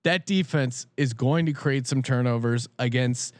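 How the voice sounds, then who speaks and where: A sports betting podcast co-host gives his picks in casual chat, blunt and candid, swearing freely. His mid-range voice moves a little slowly, and there's no room sound.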